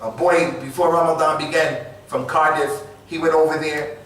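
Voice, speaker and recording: A man's voice: fairly high pitch, steady tone, moderate pace, a bit bright. A man giving an emphatic sermon in a small mosque, repeating his key phrases for weight. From United States. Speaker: Islamic lecturer. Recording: echoey room, distant mic.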